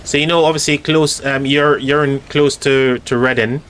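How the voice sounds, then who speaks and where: A man's voice: medium pitch, steady tone, normal speed, a bit bright, slight background noise. A man hosting a casual live stream, chatting loosely with viewers and commenting on a strategy game, with lots of fillers and restarts. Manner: chatty, rambling, talks directly to chat with many fillers.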